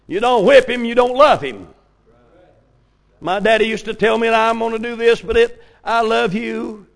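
High gravelly preacher man. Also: moderate pace. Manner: folksy storytelling with sudden shouted peaks. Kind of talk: old-fashioned revival sermon.

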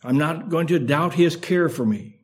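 Older preacher with a slight lisp. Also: male voice, a little high. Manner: earnest, measured, emphatic repetition. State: slight lisp from a sore tongue. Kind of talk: sermon.

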